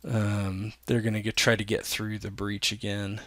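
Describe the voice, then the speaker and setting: A man's voice: on the low side, monotone, moderate pace, fairly bright tone, dry recording. A man narrating as game master of a tabletop role-playing game, in a loose, rambling way, often correcting himself.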